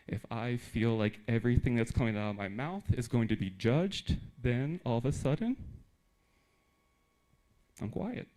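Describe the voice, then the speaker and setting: A young American man giving a live presentation to teachers in a theater, lively and joking with the audience. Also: mid-range voice, normal speed, few pauses. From United States. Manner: animated, talks with humor and audience asides. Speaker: conference speaker.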